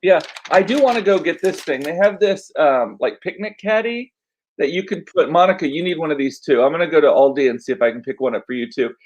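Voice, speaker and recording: Male host, casual chat, slightly high pitch, hoarse from losing his voice, rambling. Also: expressive, a little fast, rough recording. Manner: chatty, rambling with frequent fillers. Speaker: podcast host.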